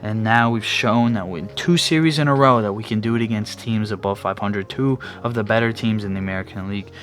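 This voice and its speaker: Hosting his own sports show, this young man speaks briskly in a lowish, fairly bright voice, meandering casually with many fillers and restarts. Occasional yawns slip in, and faint background music can be heard.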